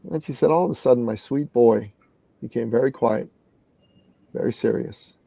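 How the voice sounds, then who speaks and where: Earnest man, gravelly and mellow. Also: medium pitch, moderate pace, no echo. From Canada. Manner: earnest, animated storyteller, laughs at himself. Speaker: guest, business coach. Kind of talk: storytelling interview talk.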